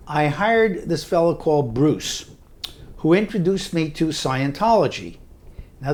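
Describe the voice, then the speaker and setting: An older man narrating his own memoir in an earnest, conversational way, often restarting his words. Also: fairly high pitch. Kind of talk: personal storytelling narration.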